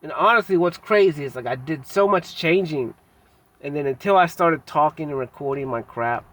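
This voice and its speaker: A man in a candid personal vlog monologue, talking in a halting, reflective way with frequent pauses and fillers, blunt and self-critical with casual slang. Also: on the high side, a bit bright, dry recording. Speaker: vlogger.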